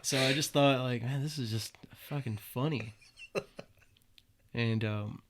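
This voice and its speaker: This young man, a podcast guest, has a medium-pitched, unhurried voice with slight background noise. In a relaxed storytelling interview he curses a lot and performs the quoted lines in character.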